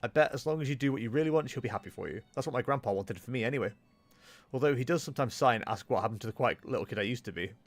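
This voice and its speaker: An upbeat young female trainer, read aloud by a man in his everyday voice. She talks fast and cheerfully, friendly and encouraging. The sound is dry and close. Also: medium pitch, no echo, lightly acted. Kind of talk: reading game dialogue aloud.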